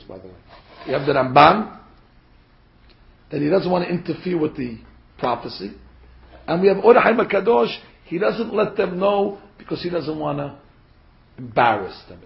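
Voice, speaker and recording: Higher-voiced gravelly man teaching Torah. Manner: earnest, emphatic, rising to loud stress, rhetorical questions. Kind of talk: Torah class lecture. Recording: echoey room, dull lo-fi sound.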